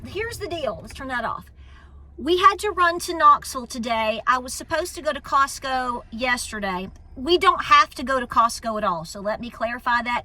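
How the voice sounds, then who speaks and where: A woman from East Tennessee talks to her followers in a warm Southern drawl, calling everyone honey. Her voice is bright and sits a little high. She films herself on a handheld phone from the car and the store aisles. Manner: folksy and chatty, calls people honey. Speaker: homestead channel host. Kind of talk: casual vlog chat. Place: inside a car, then a busy store. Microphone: handheld phone at arm's length.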